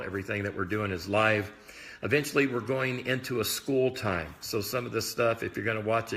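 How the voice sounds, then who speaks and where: A man's voice: lowish voice, a bit bright. A man who is a prophetic minister, talking casually to viewers in a live video, rambling with many fillers like "uh" and "anyhow". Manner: rambling, loose, filler-heavy talk; admits talking fast.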